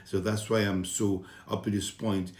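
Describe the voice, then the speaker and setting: A man's voice: on the low side, flat delivery, normal speed, a little mellow, roomy sound. A man from Saint Vincent with a Vincentian accent, a comedian talking casually and earnestly about his upbringing, sometimes getting heated. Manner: earnest, heated at times, with many fillers and restarts.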